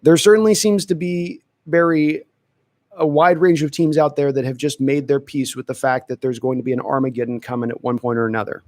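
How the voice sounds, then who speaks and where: Brief: male host, casual live-stream chat, thinks out loud, dry close-miked sound. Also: mid-range voice, steady tone, fairly quick, dry recording. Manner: chatty, thinks aloud with restarts. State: dry throat. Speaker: podcast host answering chat questions.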